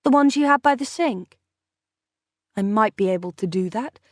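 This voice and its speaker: A woman's voice: mid-range voice, expressive, moderate pace, dry recording, studio quality, lightly acted. A woman reading an audiobook, voicing a defiant young woman who holds someone captive and speaks with scornful defiance. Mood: matter-of-fact. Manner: scornful and defiant, hissing when angry.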